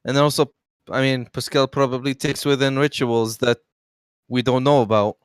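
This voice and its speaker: A man's voice: mid-range voice, fairly even intonation, normal speed, clean tone, no echo, studio quality. A man playing a tabletop game over a call, tired and drunk, rambling and joking with the table. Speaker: player. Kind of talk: casual chat at a game table.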